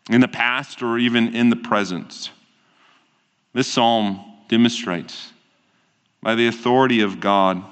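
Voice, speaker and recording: A man preaching in a deliberate, unhurried way, leaving pauses between his phrases. His voice sits in a middle range and rings with a long hall reverb. The delivery stays earnest and steady. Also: mid-range voice, clear, resonant tone. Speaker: pastor. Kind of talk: sermon.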